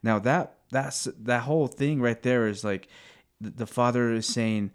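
A man sharing scripture in casual faith talk, earnest and halting, often searching for words. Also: medium pitch, clear, resonant tone.

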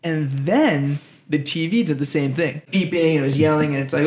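A man's voice: a little high, normal speed, hardly any pauses, a little mellow. Laughing young man on a podcast. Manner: laid-back, rambling, laughs often. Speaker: podcast co-host. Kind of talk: casual podcast chat.

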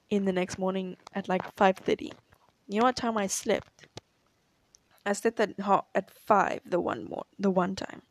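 A young woman talks straight to the camera in a loose, chatty way, full of "like"s, small laughs and quoted back-and-forths. Her voice sits in a middle pitch. The sound is close and dry, with no room around it. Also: no echo. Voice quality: chatty, laughs often, fills with "like". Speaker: tennis player answering questions. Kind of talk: casual storytelling to camera.

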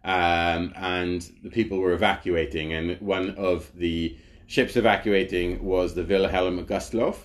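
A man's voice: low-pitched, fairly even intonation, a little slow. Laid-back man rambling. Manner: rambling, laughs often, many fillers. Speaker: podcast co-host. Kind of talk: casual chat.

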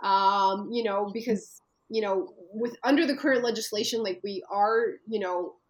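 Earnest woman, halting storyteller. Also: mid-range voice, poor audio. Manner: earnest, halting with many fillers and restarts. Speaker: interview guest. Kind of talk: personal storytelling in a conversation.

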